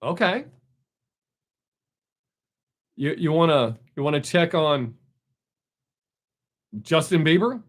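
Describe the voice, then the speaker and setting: A man's voice: on the high side, big pitch swings, unhurried. A man hosting a casual live stream, answering viewer comments in a blunt, opinionated way.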